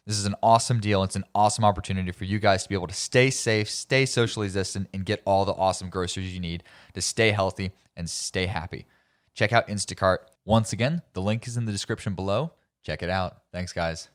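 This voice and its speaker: A man with a light Southern American accent, a podcast co-host reading an ad and chatting casually. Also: on the low side. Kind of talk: casual chat and ad read.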